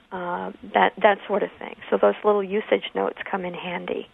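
Gravelly-voiced woman explaining grammar by phone. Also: mid-range voice, level tone. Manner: measured, explanatory, thoughtful pauses. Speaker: grammar author, radio guest. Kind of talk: radio call-in conversation. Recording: phone line.

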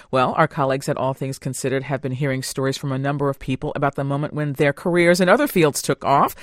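A woman's voice: low-pitched, dry recording, clean studio sound. A woman hosting a radio program, interviewing a poet and introducing the next segment. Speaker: radio host. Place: radio studio.

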